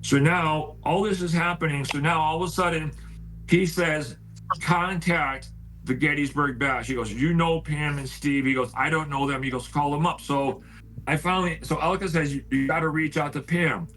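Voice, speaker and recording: A man's voice: a little high, moderate pace, fairly bright tone, poor audio. A man telling a heated story on a video call. He talks casually, stacks up "I said" over and over, and swears when he gets worked up. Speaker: paranormal house owner telling a story.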